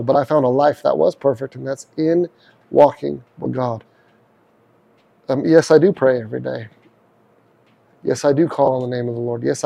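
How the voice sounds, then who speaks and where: A man's voice: mid-range voice, vocal fry, warm tone, lo-fi sound. A middle-aged man hosting a devotional podcast, preaching in an earnest, conversational way. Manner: earnest, conversational, voices prayers aloud. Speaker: podcast host.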